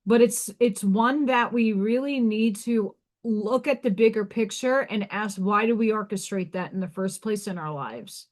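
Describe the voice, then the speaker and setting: A woman's voice: medium pitch, unhurried, hardly any pauses. Frank woman with a Staten Island accent. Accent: Staten Island, New York. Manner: rambling, frank, swears casually, frequent restarts. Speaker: live stream host and oracle card reader. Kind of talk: casual live stream chat.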